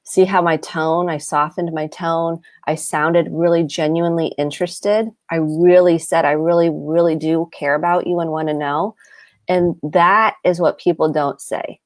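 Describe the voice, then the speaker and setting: A woman's voice: sits low, level tone, moderate pace, no room sound. A middle-aged American woman from the Midwest, a therapist giving earnest advice and acting out example lines. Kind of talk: advice talk on a live show.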